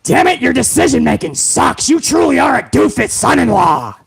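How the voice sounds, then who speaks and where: A man doing an impression of a gruff older wrestling boss who shouts at his son-in-law in exasperation. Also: very high-pitched, sing-song, moderate pace, voice pushed up, full character voice. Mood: exasperated.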